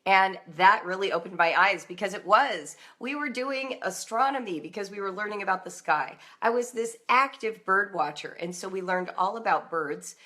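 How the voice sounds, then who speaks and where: A middle-aged woman talking straight to parents on a live stream, encouraging and chatty. Her voice is bright and forward. Now and then she slips into a playful voice to act out a small scene. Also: mid-range voice, normal speed, few pauses. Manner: animated and chatty, acting out little scenes in a playful voice. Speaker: homeschool writing coach and show host. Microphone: phone or webcam on a social media live stream.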